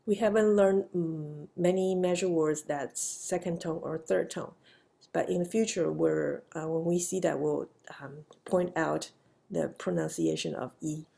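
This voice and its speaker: A woman's voice: sits low, steady tone, a little slow, vocal fry, warm tone. A woman teaching a grammar lesson patiently, with many fillers and repeated example phrases. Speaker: Chinese language teacher. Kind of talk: slow grammar lesson lecture.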